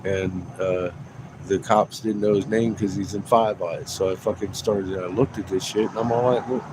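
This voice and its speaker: A low-pitched man rants on a livestream, repeating words and laughing between his points. He swears nearly every line and keeps circling back on himself. Traffic and street noise run clearly behind him. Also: fairly even intonation, normal speed. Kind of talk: rambling profane rant.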